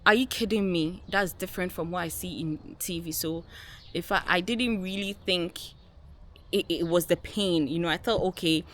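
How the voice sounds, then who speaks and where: A woman's voice: fairly low pitch, moderate pace, a bit bright, a little hiss or hum. Emphatic woman vlogger telling her story. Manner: emphatic, repeats key words, addresses viewers as guys. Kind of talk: personal storytelling to camera.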